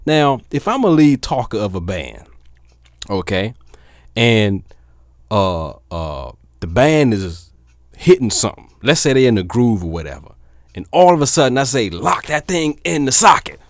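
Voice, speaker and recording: Low-voiced casual man DJ, dry sound. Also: unhurried, no room sound. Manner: laid-back with many fillers, then animated and emphatic. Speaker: DJ and vlogger. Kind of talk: casual talk to camera.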